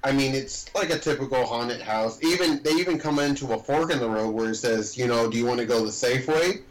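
A man's voice: mid-range voice, fairly quick, poor audio. A man in casual chat about a horror movie, meandering, correcting himself, and swearing mildly.

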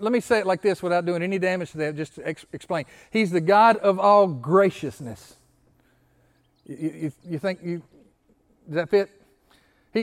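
High-voiced pastor preaching. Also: male voice. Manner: asks the congregation questions and repeats phrases; stammers on restarts. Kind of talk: interactive sermon.

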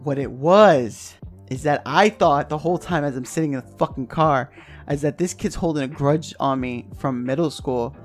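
A man's voice: fairly high pitch, normal speed, faint music behind. A man co-hosting a podcast, telling a casual story, swearing freely and laughing as he goes. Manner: lively and laughs often while telling the story. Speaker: podcast co-host.

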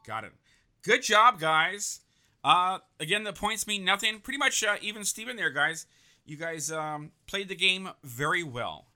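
A man with a very bright, lively voice hosts a casual quiz game, upbeat and encouraging. He reads out names one after another, his pitch bouncing around a lot. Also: unhurried. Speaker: host.

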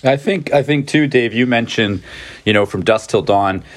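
A man's voice: medium pitch, normal speed. A man co-hosting a casual podcast about horror films, rambling with many fillers and restarts. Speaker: podcast co-host. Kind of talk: casual film discussion.

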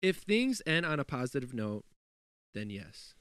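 A man's voice: mid-range voice, sing-song, a little slow, fairly bright tone, clean tone, dry recording, studio quality. A man in casual chat, swearing freely, laughing a lot and telling stories animatedly.

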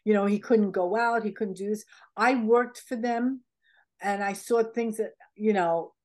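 A woman's voice: mid-range voice, fairly even intonation, measured pace, darkish tone. A middle-aged American woman, a guest in a casual interview, telling heartfelt stories in a rambling way with many fillers. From United States. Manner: rambling, heartfelt storytelling with many "you know"s.

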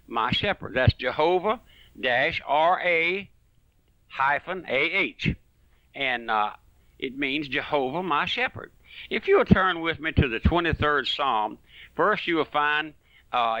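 A man delivers a radio sermon in a fervent, folksy way, swinging between loud and soft. His voice is bright and sits a little high, and the sound is close and dry. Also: dry recording, muffled recording. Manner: fervent, folksy preaching that rises and falls. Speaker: radio preacher.

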